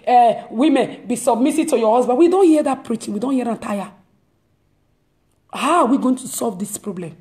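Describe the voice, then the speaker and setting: A woman's voice: a little high, warm tone. A woman, hosting her own talk and preaching emphatically to her listeners, repeating phrases as she drives her point home. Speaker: host. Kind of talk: impassioned preaching monologue.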